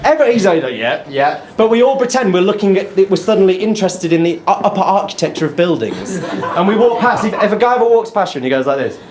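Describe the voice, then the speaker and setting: A young man performs stand-up, telling a story and acting out his own lines. His pitch sits a little high and swings widely. The room is echoey, with a lively crowd around him. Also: quick pace, few pauses, noisy background. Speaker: stand-up comedian. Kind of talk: stand-up comedy set. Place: comedy club stage. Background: audience laughter.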